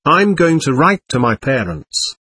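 A blunt, wry soldier, read by a man, terse in his words. The voice is husky and expressive, in a dry, close recording. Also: fairly high pitch, measured pace, no echo, pitched above the performer's own voice, heavily acted.

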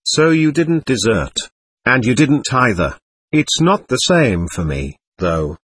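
A man's voice: mid-range voice, very animated, slow pace, fairly bright tone, breathy edge, no room sound, exaggerated voice. A man reading the lines of a proud, scornful young soldier in an audiobook. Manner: scornful and boastful. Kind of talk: scripted audiobook narration.

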